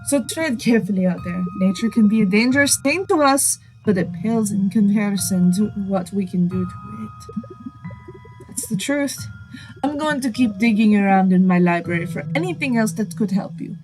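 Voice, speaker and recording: A woman's voice: fairly high pitch, lively intonation, moderate pace, a bit bright, soft background music, rough recording. A woman voicing an older male rancher with a put-on Spanish accent, speaking earnestly and dropping in Spanish words.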